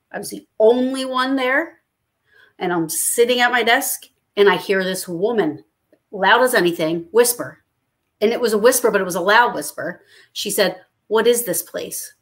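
A woman's voice: medium pitch, a bit bright. A woman hosting a casual chat, talking in a rambling, chatty way and laughing often. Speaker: host.

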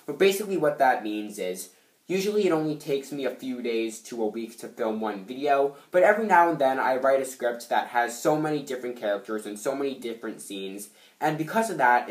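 A man's voice: mid-range voice, roomy sound, rough recording. A man hosting his own channel, chatting casually and upbeat about his next comedy skit, straight to camera. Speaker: skit creator and channel host. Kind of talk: casual behind-the-scenes talk.

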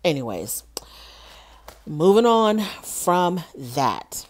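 A woman's voice: fairly low pitch, drawn-out words. Sassy woman recapping reality TV. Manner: sassy, animated, mocks with acted quotes. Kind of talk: casual solo review commentary.

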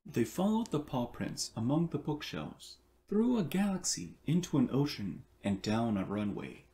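A man reading a picture book aloud in an unhurried, playful way, with casual asides. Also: mid-range voice, very animated, mellow. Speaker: storyteller.

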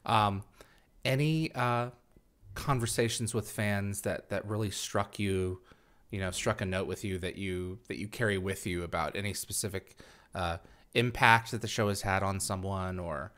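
A man's voice: on the low side, fairly bright tone. Earnest male interview host. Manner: earnest, affirming, halting. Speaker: podcast host. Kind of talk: casual video interview.

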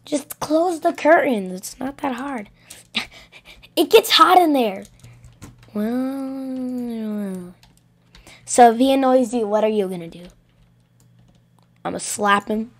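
High, slow-talking woman role-playing. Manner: frantic, stammering, yelling bursts. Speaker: gameplay roleplayer. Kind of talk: voiced roleplay over gameplay.

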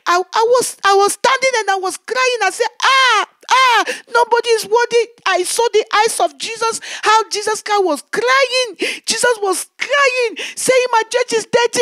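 Very high-voiced woman evangelist, pleading. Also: a bit bright, no echo. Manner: emotional, pleading, with many repeated words. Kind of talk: testimony preaching.

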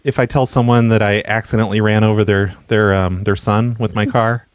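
A man hosting a comedy show, making prank phone calls in a stammering, mock-apologetic, deadpan way. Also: fairly low pitch, a little fast, no room sound. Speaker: prank caller and show host.

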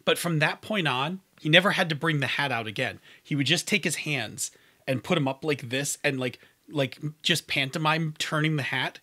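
A man co-hosting a casual podcast about tabletop gaming, animated and jokey, often restarting his sentences. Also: on the high side, normal speed. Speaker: podcast co-host.

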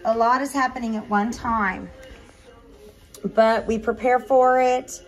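Chatty breeder woman, slightly high voice. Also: fairly even intonation, measured pace, rough recording. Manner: chatty, coos in a higher voice to the puppies. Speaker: dog breeder. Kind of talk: casual chat to camera.

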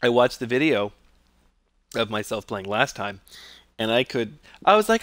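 A man streams a horror game live, jumpy and nervous and poking fun at himself as he plays. His mid-range voice has lively intonation at a measured pace with frequent pauses, recorded dry over loud game music.

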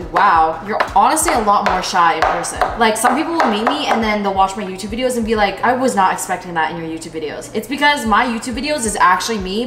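A woman's voice: mid-range voice, noisy background. A young woman in her twenties vlogging casually at home while cooking, chatty and candid, swearing freely and saying "like" a lot. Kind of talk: casual vlog chat to camera. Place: home kitchen. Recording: echoey room, faint ambience.

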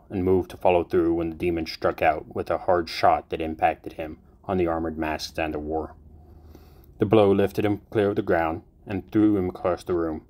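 Deep-voiced male audiobook narrator. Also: darkish tone. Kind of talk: fan fiction audiobook reading.

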